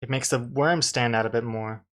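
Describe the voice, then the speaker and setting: A man's voice: mid-range voice, fairly even intonation, moderate pace, a bit bright. Rambling male artist chatting on stream. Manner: rambling, restarts often, dry jokes to chat. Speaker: comic artist streaming his drawing. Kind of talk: casual live-stream chat while drawing.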